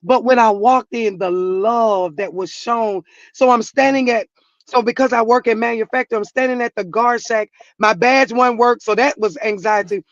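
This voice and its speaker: A woman's voice: on the high side, normal speed, no room sound, muffled recording. A middle-aged woman, a grieving mother, telling her story in an earnest, church-flavored way, sometimes rising to emphatic outbursts. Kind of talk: emotional personal testimony.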